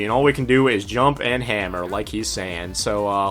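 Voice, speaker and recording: A man's voice: on the low side, moderate pace, few pauses, a bit bright, faint music behind. A man casually commenting on a video game as he plays, chatty and joking. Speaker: let's play host. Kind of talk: gameplay commentary.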